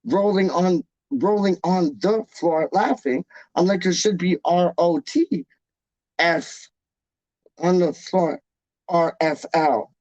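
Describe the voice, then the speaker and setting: A man hosting a live stream, chatting casually with his viewers in an animated, jokey way full of slang. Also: high-pitched, slow, no echo, muffled recording. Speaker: livestream host reading chat. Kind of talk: casual chat.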